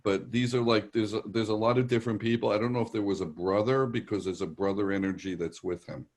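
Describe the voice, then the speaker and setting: A man's voice: fairly low pitch, fairly even intonation, fast, darkish tone. A man with a New York accent, a psychic medium giving rambling, reassuring readings on a live virtual show. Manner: rambling, reassuring, relays messages in quotes.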